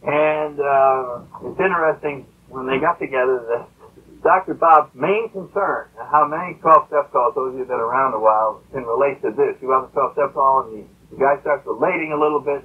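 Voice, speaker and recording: A man's voice: medium pitch, fairly quick, slightly rough. A man telling a story to a recovery meeting in a rambling, conversational way with many fillers. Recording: tinny lo-fi old tape.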